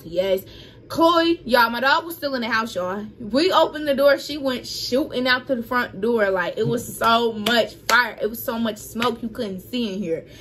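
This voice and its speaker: In a laid-back vlog, a young female vlogger with a slightly high-pitched voice shares a story with her viewers. Her telling is dramatic and energetic, she keeps turning toward the audience, and there's a bit of noise in the background.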